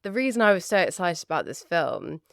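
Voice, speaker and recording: A woman from the United Kingdom co-hosting a podcast, lively and quick to react. Her voice sits on the lower side and sounds smooth and clear. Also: dry recording, clean studio sound. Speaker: podcast co-host. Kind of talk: casual podcast chat.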